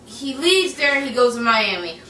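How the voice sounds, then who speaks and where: Over a loud crowd, a young woman speaks at normal speed in a slightly high, sing-song voice, giving a giggly, rambling movie review full of fillers and false starts. The room echoes, she is far from the mic, and there's faint background noise.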